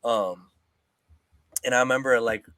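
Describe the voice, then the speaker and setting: Young male co-host, animated, profane, close and dry. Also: mid-range voice, measured pace, no echo. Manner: animated, swears a lot, mocking impressions. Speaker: podcast co-host. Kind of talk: casual chat.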